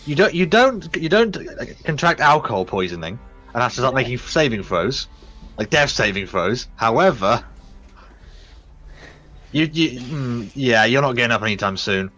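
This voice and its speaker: A man running a tabletop game as dungeon master, relaxed and wry. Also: mid-range voice, moderate pace, faint music behind. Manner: relaxed, wry, restarts phrases.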